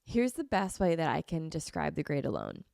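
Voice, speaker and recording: A woman's voice: sits low, wildly swooping pitch, normal speed, creaky, a little mellow, dry recording, studio quality. A young woman hosting a podcast, chatting casually and gushing effusively, with a slight cold. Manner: gushing, effusive, repeats herself. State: has a cold, sniffly. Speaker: podcast host. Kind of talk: casual chat.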